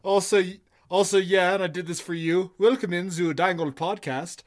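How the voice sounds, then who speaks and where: A man's voice: sits high, normal speed. A man co-hosting a casual podcast, joking and rambling with profanity. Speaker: podcast co-host.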